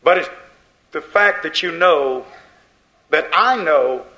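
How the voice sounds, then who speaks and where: A man preaching an impassioned sermon as pastor, rising and falling in loudness as he drives his points home. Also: a little high, expressive, takes it slowly, low-quality recording.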